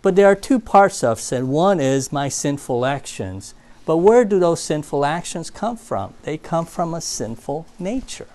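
A man preaching a sermon in a church, telling stories and swinging from loud emphasis to quiet asides. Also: fairly high pitch, big pitch swings, unhurried.

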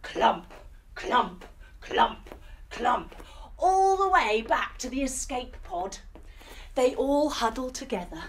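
Playful lady doing kids yoga storytime, high sing-songy voice, slow, woofs and whooshes. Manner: playful, with sound effects and animal noises. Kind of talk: animated storytelling with yoga instructions.

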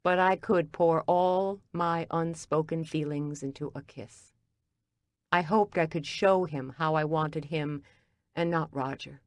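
A woman narrating a first-person audiobook in a quiet, intimate, measured way. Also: deep voice, steady tone, dry recording.

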